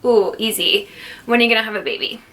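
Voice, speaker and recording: Bubbly, bright-voiced young woman. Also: fairly high pitch, fast talker. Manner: jokey, playful, not serious; chatty, laughs often. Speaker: fitness instructor. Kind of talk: casual Q&A vlog.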